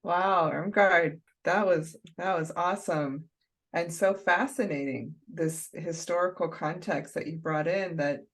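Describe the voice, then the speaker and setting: A host thanking a participant and introducing the next speaker in an online reading discussion, with enthusiastic praise. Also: mid-range voice.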